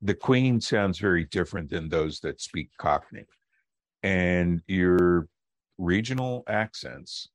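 On a radio interview, a middle-aged male linguist lectures in measured tones, easing off the pace to emphasize important words. The deep voice is recorded at studio quality without echo.

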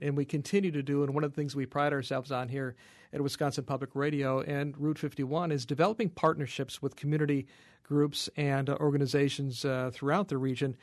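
A man's voice: medium pitch, no echo, clean studio sound. Man moderating a radio call-in. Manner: steady, moderating callers. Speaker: radio co-host.

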